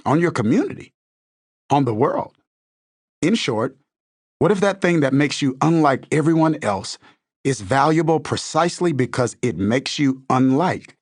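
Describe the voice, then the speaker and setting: A man's voice: mid-range voice, breathy edge, dry recording, clean studio sound. A man reading an inspirational self-help book aloud in a scripted, earnest style, building his points through rhetorical questions. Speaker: audiobook narrator.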